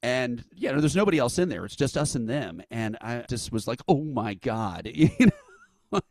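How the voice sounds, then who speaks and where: Guesting in an interview, the man who founded an event recounts a lengthy story casually, performing the dialogue of its characters with laughter. He talks fairly quickly in a medium-pitched voice, and there's no room sound.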